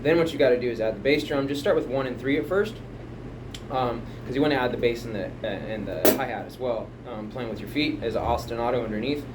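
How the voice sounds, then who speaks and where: A man's voice: medium pitch, fast, background noise. A man casually explaining a drum pattern, rambling and chatty, counting beats aloud at home. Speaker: drum teacher. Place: home music room. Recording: home room, mic picking up loud drum kit from a distance.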